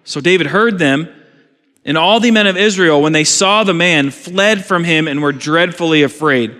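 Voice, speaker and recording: A man's voice: a little high, normal speed, bright, forceful tone. A man preaching a sermon, reading scripture aloud and then explaining it with earnest questions. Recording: reverberant hall.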